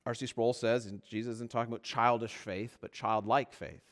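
A man preaching a sermon, swinging between loud, urgent passages and low, quiet ones, and slowing right down on key phrases. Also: fairly even intonation. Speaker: pastor.

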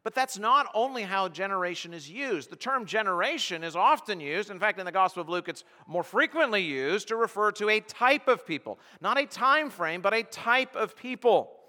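Man, pastor, expository sermon, high bright voice, earnest and emphatic, long hall reverb. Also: expressive, moderate pace, hardly any pauses. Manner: earnest, emphatic, many restarts.

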